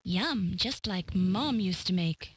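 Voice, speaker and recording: A woman narrating a 1990s adventure game in a dry, measured way. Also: fairly low pitch, animated, slightly rough, heavily acted, low-quality recording.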